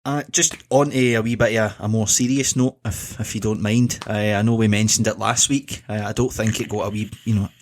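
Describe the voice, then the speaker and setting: A man's voice: on the low side, steady tone, fairly quick, few pauses. A young man co-hosting a comedy podcast with dry, laid-back teasing. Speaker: podcast co-host. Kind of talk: casual banter.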